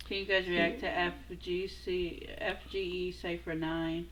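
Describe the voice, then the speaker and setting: Bright-voiced woman reading chat questions. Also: lowish voice, flat delivery, measured pace, low-quality recording. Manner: reads out chat questions, short replies. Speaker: co-host reading viewer comments. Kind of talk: casual livestream chat.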